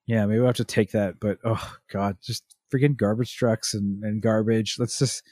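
A young adult man on a casual podcast, telling parenting stories with lively acted-out quotes of his toddler. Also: fairly low pitch, normal speed, dry recording, studio quality. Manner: animated storyteller acting out a toddler's lines. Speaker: podcast co-host. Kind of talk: casual chat about parenting.

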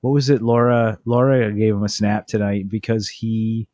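A man in his thirties, co-hosting a podcast, chatting casually with a dry, deadpan humor. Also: lowish voice, normal speed, dry recording. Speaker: podcast co-host. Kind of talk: casual chat.

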